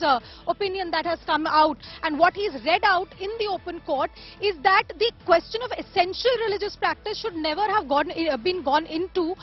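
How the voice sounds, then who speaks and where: A woman reporting live from outside a court as a field reporter, speaking with many fillers and restarts. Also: very high-pitched. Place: outdoors at a court. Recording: dull lo-fi broadcast audio.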